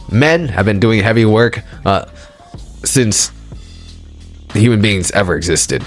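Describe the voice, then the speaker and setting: A man's voice: on the low side, animated, takes it slowly, long pauses, soft background music. Emphatic man lecturing on dating. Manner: emphatic, repetitive rhetorical questions. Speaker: dating and self-help lecturer. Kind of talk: motivational monologue.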